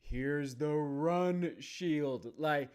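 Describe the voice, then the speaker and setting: A man's voice: fairly high pitch, drawn-out words, darkish tone, clean tone. A man hosting a live stream about running shoes, reading viewer comments aloud in an upbeat, chatty way. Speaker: running channel host.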